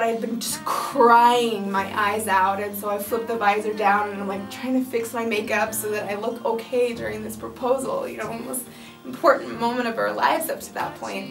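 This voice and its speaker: Young woman, gushing, emotional recollection, higher voice, distant echoey sound. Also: level tone, fairly quick, creaky. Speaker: bride telling her proposal story. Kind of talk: heartfelt interview recollection. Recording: echoey room, distant mic, music behind.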